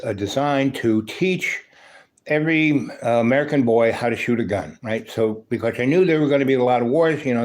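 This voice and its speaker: Rambling man telling old stories. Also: medium pitch. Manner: meandering, full of "you know" and "right?". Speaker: livestream host. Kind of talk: rambling personal storytelling.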